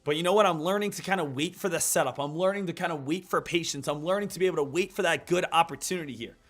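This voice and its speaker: A man's voice: fairly high pitch, fast, fairly bright tone. Upbeat man hosting a live trading stream. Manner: upbeat, repetitive hype, addresses viewers as guys and traders. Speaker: day-trading livestream host. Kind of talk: live market commentary and coaching.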